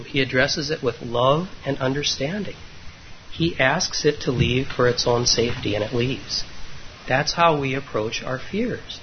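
Meditation teacher, male, mid-pitched, gentle and halting dharma talk, muffled lo-fi recording with faint hiss. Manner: gentle, unhurried, with frequent hesitations. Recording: dull lo-fi recording with faint noise.

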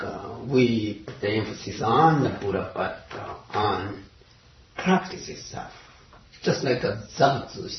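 Halting man giving a distant, roomy dharma talk. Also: fairly low pitch, slight background noise. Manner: halting, many pauses and fillers, searching for words. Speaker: Zen teacher. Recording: roomy, distant, dull lo-fi recording.

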